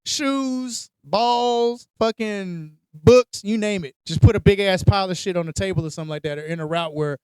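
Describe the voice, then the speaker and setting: A man co-hosting a casual podcast, telling stories in an animated way and acting out his own reactions. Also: sits high, moderate pace, hardly any pauses, clean tone, dry recording. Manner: animated storytelling, heavy cursing, acts out reactions. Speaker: podcast co-host. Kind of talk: casual chat.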